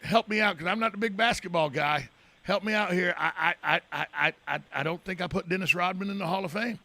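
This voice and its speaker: A man's voice: high-pitched, a little fast, vocal fry, bright, forceful tone, no room sound. A man hosting a radio talk show from the studio, chatting casually in a rambling, joking, self-deprecating way. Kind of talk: casual on-air chat.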